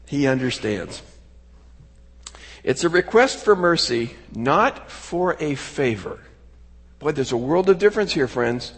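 Lively folksy preacher man, echoing hall. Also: on the high side, a little slow, long pauses, husky. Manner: animated, folksy, acts out quotes with sudden shouts. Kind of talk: sermon. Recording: long hall reverb.

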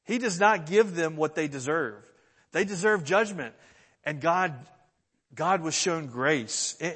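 Guy preaching in a church hall, earnest and animated, bit high voice, big echo. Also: husky. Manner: earnest, animated, acts out quoted pleas. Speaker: pastor. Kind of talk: sermon. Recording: long church reverb.

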